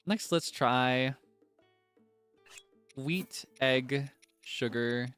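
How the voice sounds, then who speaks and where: Soft-spoken man streaming a game. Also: medium pitch, extremely slow, faint music behind. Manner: soft, chatty, thinking aloud. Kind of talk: casual game commentary.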